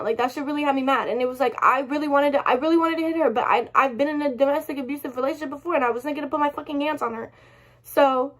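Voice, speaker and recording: Young woman vlogger, high voice, upset rambling storytime rant full of swearing. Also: rapid-fire. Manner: rambling, heavy swearing, apologizes often. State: upset, close to tears.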